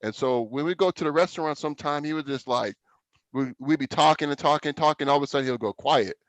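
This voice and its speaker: A laid-back man hosts a casual podcast interview and chats easily with his guest. His voice sits at a middle pitch. The sound is dry and close, with no room echo. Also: fast. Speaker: podcast host.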